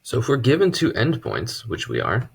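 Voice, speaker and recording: A man teaching a casual math lesson at a board, relaxed and chatty, with joking asides. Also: mid-range voice, moderate pace, gravelly, breathy edge. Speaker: math tutor.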